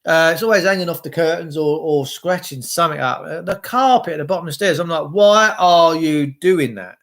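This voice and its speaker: A man's voice: a little high, fast, vocal fry, fairly bright tone. A man hosting a rambling live stream, greeting viewers by name, swearing freely and drifting off on tangents. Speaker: livestream host.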